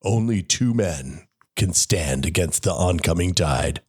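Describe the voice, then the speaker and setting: A grave, deep-voiced movie-trailer announcer, put on by a hoarse, sick man. He draws every word out slowly with a gravelly rasp. The voice sits very low. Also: expressive, full character voice. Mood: dramatic.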